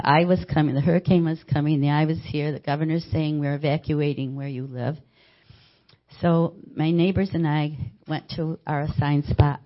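An older woman shares a personal testimony of faith, telling it as an animated story and acting out the lines of the people in it. Her voice sits very low for a woman. The recording is dull and lo-fi. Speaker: church member giving a testimony.

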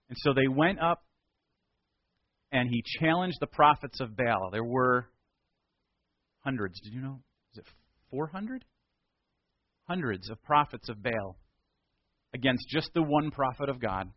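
A man's voice: medium pitch, expressive, unhurried, pauses often, no room sound, lo-fi sound. A male pastor retelling a Bible story in a casual, conversational sermon.

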